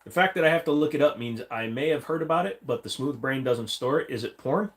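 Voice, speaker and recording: A man with a mid-range voice speaks quickly and with animation. Hosting a casual stream from a home room where he sits against a wall, he reads out viewer comments and rambles on with jokes and silly voices.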